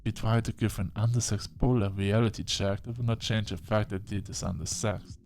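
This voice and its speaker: A man's voice: on the low side, steady tone, moderate pace, gravelly, a little mellow, faint music behind. An actor playing a frank, folksy young male therapist in a game, plainspoken and drawling. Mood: exasperated.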